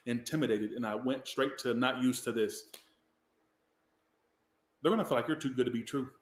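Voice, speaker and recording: In an echoey room, a Southern US man with a medium-pitched voice gives a casual, rambling tarot reading at a moderate pace. He swears every so often.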